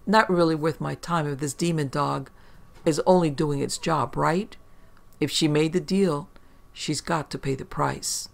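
A male storyteller reads a first-person supernatural tale in a wry, conversational manner, dropping profane asides along the way. His voice sits slightly higher than most men's and carries a persistent gravelly fry. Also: measured pace. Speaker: horror story narrator. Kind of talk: first-person scripted horror narration.

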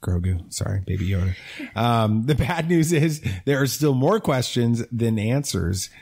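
A man's voice: medium pitch, expressive, measured pace, vocal fry, darkish tone, breathy edge. A middle-aged man hosting a casual podcast, upbeat and teasing as he guides the talk. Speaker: podcast host.

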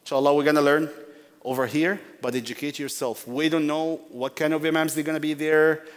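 A man's voice: fairly high pitch, flat delivery, fairly quick. A man teaching a workshop in a sermon-like way, repeating key phrases for emphasis and addressing his listeners as brothers. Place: large mosque hall. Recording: long hall reverb.

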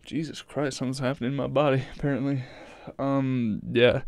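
A man's voice: medium pitch, flat delivery, a little fast, a little mellow, dry recording. A man hosting a reaction video, talking casually in a rambling way, swearing freely and breaking off mid-thought.

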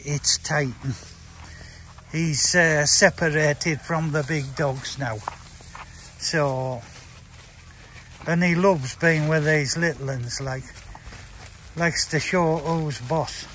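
A man's voice: on the high side, extremely slow, pauses often, a bit bright, a little hiss or hum. A man chatting bluntly while walking his dogs outdoors on a rural property. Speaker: dog breeder. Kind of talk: casual walking vlog.

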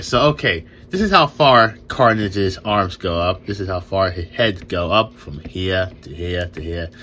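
Excitable young man reviewing a toy. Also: lowish voice. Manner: excitable, stumbling over words, laughing often. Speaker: toy reviewer and channel host. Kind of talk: casual toy review vlog. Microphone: new phone camera.

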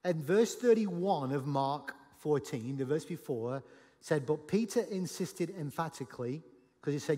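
Pastor, male, fairly high voice, lively sermon delivery, long reverb of a large hall. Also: normal speed. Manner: animated, acts out Bible dialogue with sudden shouts.

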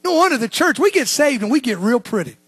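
Male pastor, sermon, very high voice, dry sound, shouts then hushes. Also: very animated, fast, slightly rough, dry recording. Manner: swings from shouted preaching to hushed, low asides.

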